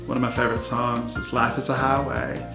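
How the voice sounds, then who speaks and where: A man plays a brash 66-year-old woman who lives in a hotel, rambling through her life story in a mockumentary interview full of fillers and restarts. His medium-pitched, gravelly voice, close to his everyday one, is flat and fairly quick. An echoey room has loud music underneath.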